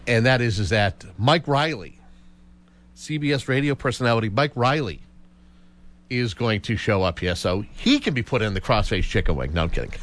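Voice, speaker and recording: A man's voice: mid-range voice, normal speed. A man hosting a radio talk show in a studio, talking casually with many restarts. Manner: chatty, animated, frequent restarts.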